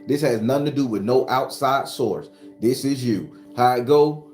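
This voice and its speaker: A man of middle pitch delivers a spiritual talk in the rolling cadence of a preacher, emphatic and freely profane. His voice rings around a roomy, echoing indoor space. Soft music plays faintly underneath. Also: moderate pace. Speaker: spiritual advisor.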